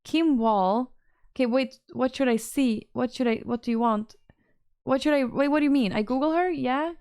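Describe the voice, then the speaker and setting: A woman talks casually on a livestream, reacting to chat messages as they come in. Her voice sits a little high. The sound is close and dry, with almost no room. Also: normal speed, a little mellow, clear, resonant tone, dry recording. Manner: chatty, reacts to chat, reads messages aloud. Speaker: streamer reading chat.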